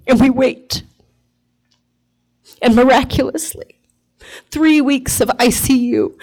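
A woman in her forties telling a personal story to an audience, animated, emphatic and comic. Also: a little high, poor audio.

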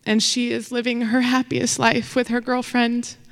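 Woman telling her own story on stage, laughs a lot, smooth voice, long hall echo. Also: on the high side, level tone, moderate pace. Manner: laughs often, chatty with fillers. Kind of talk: personal story told live on stage.

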